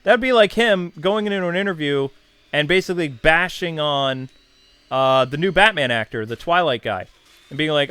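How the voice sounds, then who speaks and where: Smooth-voiced chatty man in his thirties. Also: a little high, expressive, normal speed, sharp tone, no echo. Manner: chatty, digressive, many asides and fillers. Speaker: YouTube channel host. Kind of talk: casual rambling reminiscence.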